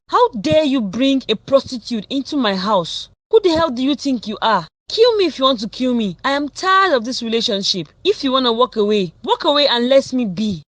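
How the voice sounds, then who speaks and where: A woman's voice: a little high, no echo. A woman voicing an abused wife, angry and despairing. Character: distraught abused cartoon wife.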